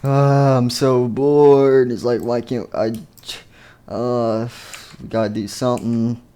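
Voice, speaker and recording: A man voicing Springtrap, a bored, sinister male rabbit animatronic, drawling in a mellow voice. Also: mid-range voice, little pitch movement, a little slow, close to an everyday voice.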